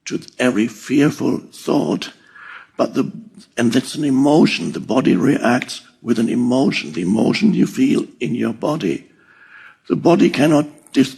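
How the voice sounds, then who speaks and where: An older man giving a slow, reflective spiritual talk, pausing often and chuckling softly. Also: mid-range voice, vocal fry, husky. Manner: slow and deliberate, with soft chuckles. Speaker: spiritual teacher.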